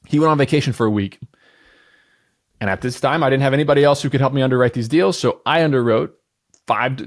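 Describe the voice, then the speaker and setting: Blunt, energetic man in his thirties. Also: mid-range voice. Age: 30s. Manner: blunt, candid, swears freely; energetic and confident. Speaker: podcast host. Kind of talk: casual podcast monologue.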